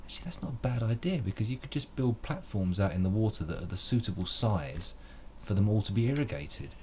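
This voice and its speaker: A very low-voiced man chats his way through a live game stream, rambling and self-deprecating. He dresses up his musings in wordy, old-fashioned phrasing. The home recording is slightly muffled, with faint noise underneath. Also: lively intonation, brisk, a little mellow. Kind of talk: live gameplay commentary.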